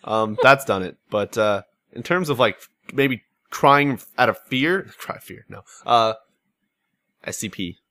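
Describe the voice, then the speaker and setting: A man hosting a casual gaming podcast, swearing freely and acting out his stories in a shrill voice. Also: lively intonation, takes it slowly, sharp tone, dry recording. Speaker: podcast host.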